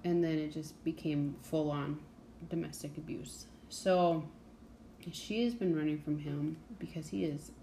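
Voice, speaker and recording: Young woman, mellow lowish voice, blunt casual book chat, filler-heavy, faint noise floor. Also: steady tone, a little slow. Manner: chatty, blunt, many fillers and "like"s. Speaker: book podcast host.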